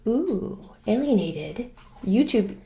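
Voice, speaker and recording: A woman's voice: medium pitch, big pitch swings, slow, mellow, husky. A woman hosting her own true crime channel, chatting casually and rambling to viewers while fussing over her dog.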